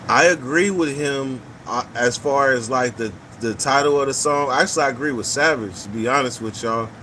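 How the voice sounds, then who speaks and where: A man's voice: medium pitch, moderate pace, pushed and bright, slight background noise, low-quality recording. A man hosting a casual live talk stream, reading viewer comments and giving blunt, profane opinions, often repeating his points.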